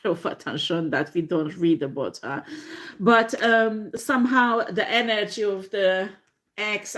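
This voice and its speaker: A woman reading tarot in a slow, halting way, with many fillers and frequent laughter. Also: fairly low pitch. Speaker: tarot reader.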